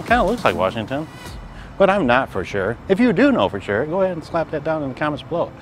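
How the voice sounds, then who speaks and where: Filming a casual travel vlog on a handheld compact camera, a middle-aged Detroit man talks chattily by stone steps in an outdoor city spot, self-deprecating and often winded. His fairly high voice is very animated at a moderate pace, heard over music.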